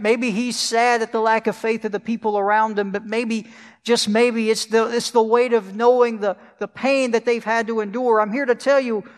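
Male pastor, high voice, sermon in a big echoing hall. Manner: preaching with rhetorical questions to the congregation.

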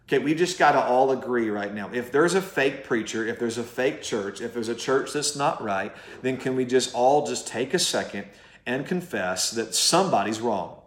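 A man's voice: medium pitch, expressive, normal speed, roomy sound. A man preaching a sermon as pastor, conversational and emphatic, putting direct questions to his listeners.

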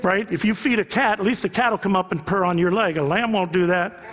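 A man preaching a sermon as a pastor, telling stories with animation and building to impassioned shouts. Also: sits high, a little fast, big-room sound.

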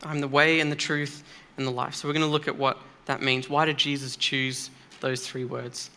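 A man's voice: mid-range voice, flat delivery, normal speed, pushed and bright. A man preaching a sermon in a church, earnest and emphatic, speaking conversationally with occasional fillers.

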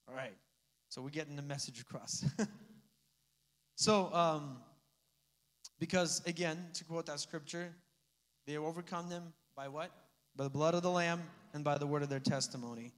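A man with a high voice delivers a conversational sermon, mixing teaching with casual asides and chuckles. His voice rings out with a long reverb, as in a large hall. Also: moderate pace, pauses often. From Slavic family background. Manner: animated, conversational preaching with asides and laughs. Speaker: pastor.

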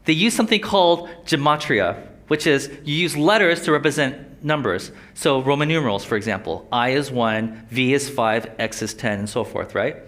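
Teaching from the Bible, this young man keeps things casual and chatty, often asking the audience questions. He speaks at normal speed in a mid-range voice with a fairly bright tone.

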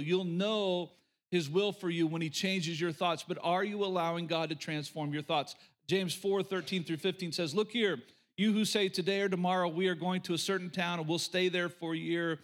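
A middle-aged pastor from rural Oklahoma delivers a sermon in a fairly high voice. He talks emphatically and repeats his key lines. Folksy asides break up the preaching.

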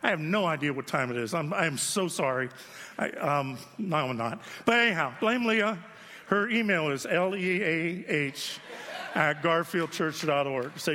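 Male pastor, fairly high voice, storytelling sermon with humor, reverberant sanctuary. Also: normal speed. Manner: storytelling, self-deprecating humor, sinks low and soft for solemn points. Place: large church. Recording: echoey church hall.

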